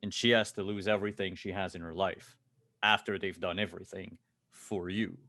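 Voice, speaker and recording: A man's voice: low-pitched, steady tone, moderate pace, pushed and bright. A man voicing a big, tough male bodyguard who speaks steadily and threateningly in a tabletop game. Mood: calm menacing.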